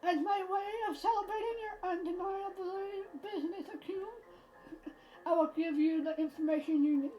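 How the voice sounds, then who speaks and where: A woman voicing a smug, greedy merchant who talks in a pompous sales pitch, music playing underneath. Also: steady tone, normal speed, lo-fi sound.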